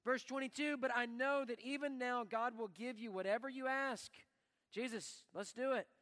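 A man preaching a sermon as pastor in a church, animated and acting out the prayers he quotes. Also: very high-pitched, moderate pace. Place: church sanctuary. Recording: long reverb of a church hall.

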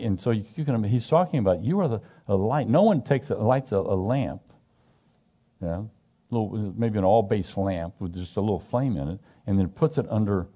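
Middle-aged male lay teacher, low mellow voice, chatty and emphatic scripture explainer. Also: slightly rough. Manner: animated, emphatic, asks the group questions; frequent restarts and repetitions. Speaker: Bible study teacher. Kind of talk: informal conversational scripture teaching.

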